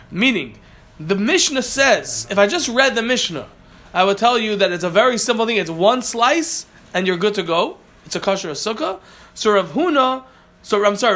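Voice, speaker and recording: A man's voice: high-pitched, sharp tone. A man teaching a Talmud class, reading Aramaic phrases and then explaining them plainly, often catching and correcting himself.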